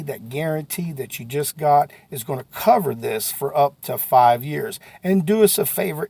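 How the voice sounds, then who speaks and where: A man giving a folksy, animated sales lesson that breaks into sudden shouts. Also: a little high, gravelly. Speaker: sales trainer. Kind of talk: motivational sales talk to camera.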